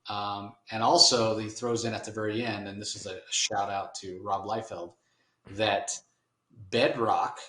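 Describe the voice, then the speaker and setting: Man, low voice, loose rambling comic recap, roomy echo. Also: little pitch movement, unhurried, pushed and bright. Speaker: podcast host. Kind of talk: casual comic book discussion.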